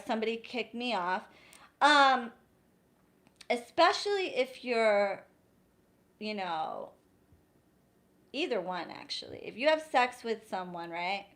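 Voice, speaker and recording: A woman talking casually and bluntly to viewers on a live stream, giving advice with plenty of profanity and exasperation. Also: a little high.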